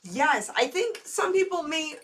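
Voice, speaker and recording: A woman co-hosting a casual chat who reads out viewer comments and talks in a chatty, eager way, quick to agree. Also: high-pitched, big pitch swings, fairly bright tone, far from the mic. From United States. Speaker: co-host.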